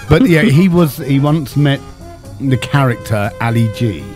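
Sardonic man with lively pitch. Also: a little slow, faint music behind. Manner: sardonic, mocking put-downs. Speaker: co-host. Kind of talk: casual comedy chat.

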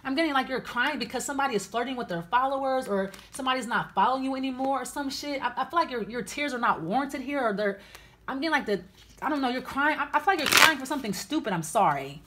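A woman's voice: high voice, expressive, fast talker, pushed and bright. A woman giving a casual tarot reading, blunt and chatty, with many fillers and restarts. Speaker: tarot reader.

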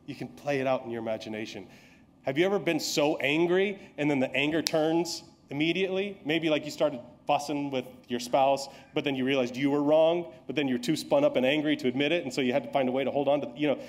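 A man's voice: a little high, quick pace. A male pastor preaching a sermon in a church, telling the story vividly and asking the listeners rhetorical questions.

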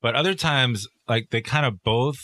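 A man co-hosting a podcast, talking in a relaxed, loose way with lots of casual fillers. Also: mid-range voice, normal speed, no room sound. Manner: relaxed, loose, fillers like "kinda" and "you know". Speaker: podcast co-host.

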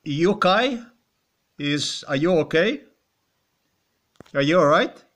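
A man's voice: on the high side, expressive, takes it slowly, fairly bright tone. A man with a Slovenian accent rambling and ranting in a monologue, swearing and firing off repeated rhetorical questions. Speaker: vlogger.

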